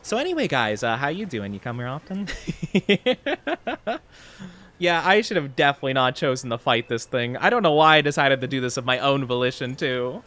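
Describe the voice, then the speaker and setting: A man's voice: mid-range voice, normal speed. A young man chatting playfully with his chat while streaming a game. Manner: playful, excitable, reacts loudly to chat. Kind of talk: casual game livestream chat.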